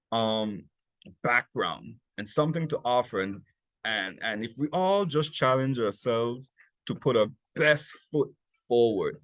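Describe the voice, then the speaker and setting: Workshop speaker, male, US Virgin Islands accent, medium voice, conversational and animated with the audience. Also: medium pitch, no echo. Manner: lively, conversational, frequent "okay?" and "right?" check-ins. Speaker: workshop speaker, private chef. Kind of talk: customer service workshop talk.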